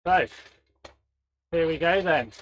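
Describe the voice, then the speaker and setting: A man's voice: a little high, slow pace, dull audio. A man with a British accent giving casual live-stream commentary while riding in a virtual cycling race, thinking aloud as he goes. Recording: loud background noise on stream audio.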